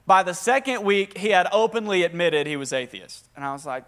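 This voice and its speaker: A young man with a Southern accent preaching a lively, joking sermon to a congregation and prompting them to answer back. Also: sits high, fairly quick. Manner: talkative, energetic, joking. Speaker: pastor. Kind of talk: lively sermon with call-and-response. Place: church hall with a live congregation.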